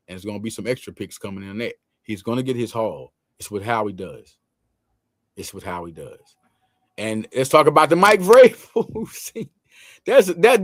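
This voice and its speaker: A man hosting a casual sports talk show, talking in loose slang with lots of quick restarts. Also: a little high, no echo, studio quality.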